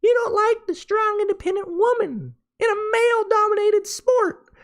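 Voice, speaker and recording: A man voicing a shrill, sarcastic critic scolding him about women in racing, in a high mocking pitch. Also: steady tone, moderate pace, a bit bright.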